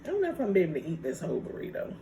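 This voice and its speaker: A woman vlogger chatting casually while eating, playful and quick to laugh. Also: lowish voice, huge pitch swings, creaky, warm tone. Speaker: mukbang vlogger. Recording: noisy home recording.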